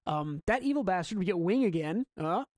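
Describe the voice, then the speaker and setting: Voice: mid-range voice, animated, fairly quick, a little mellow, no room sound, studio quality. A podcast co-host in a casual manga book-club discussion. They talk eagerly and keep reading out the characters' dialogue between their own comments.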